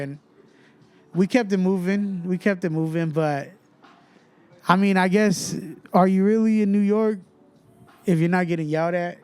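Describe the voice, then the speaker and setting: A man's voice: high-pitched, normal speed, pauses often, smooth. A young adult man from Fresno, a rapper guest telling a story in casual chat and acting out the people in it. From Fresno, California. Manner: animated storyteller who acts out other people's voices.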